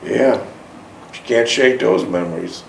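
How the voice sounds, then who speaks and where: A man's voice: fairly low pitch, unhurried, vocal fry, reverberant, low-quality recording. A male host interviewing a veteran, asking leading questions and summing up in emphatic statements. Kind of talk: interview and book reading.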